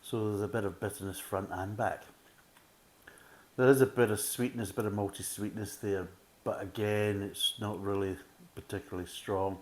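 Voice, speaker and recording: A man's voice: lowish voice, steady tone, normal speed, darkish tone. A man giving a casual, methodical beer tasting review, full of "kind of" fillers.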